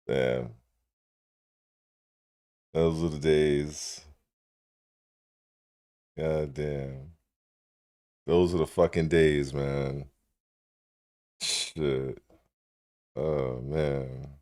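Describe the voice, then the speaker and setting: A man with an extremely deep voice talks slowly and casually while hosting a live stream. He swears freely and sounds relaxed and nostalgic as he reacts to old clips. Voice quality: profane, nostalgic and laid-back. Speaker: channel host.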